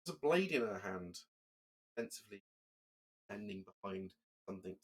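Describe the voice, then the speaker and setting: A man with a low-pitched voice runs a tabletop game as its game master. He narrates loosely, stopping and restarting as he works out what happens. It is relaxed, unpolished table talk. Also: normal speed, slightly rough.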